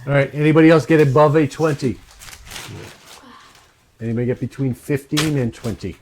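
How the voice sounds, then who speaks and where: A man's voice: mid-range voice, fairly quick, background noise. A man running a tabletop game as dungeon master, calling for dice rolls and narrating the action.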